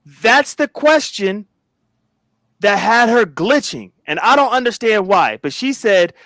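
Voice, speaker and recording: A man's voice: high-pitched, expressive, a little slow, fairly bright tone, no echo. A man hosting a reaction commentary, talking dramatically with lots of exclamations. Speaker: host.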